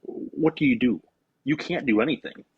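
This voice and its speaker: A man with a husky, breathy voice telling spooky stories from his own past in a loose, casual way. He acts out each line he once said, jumping up in pitch when he shows how scared he got. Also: normal speed, highs cut off. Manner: animated storyteller, acting out his own quotes. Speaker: podcast guest. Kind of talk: casual storytelling chat.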